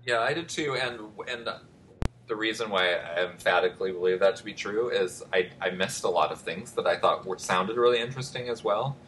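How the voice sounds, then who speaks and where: A man's voice: fairly low pitch, fairly quick, fairly bright tone, a little hiss or hum. A man hosting a casual film podcast, rambling and self-deprecating, restarting his thoughts as he goes. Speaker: podcast host.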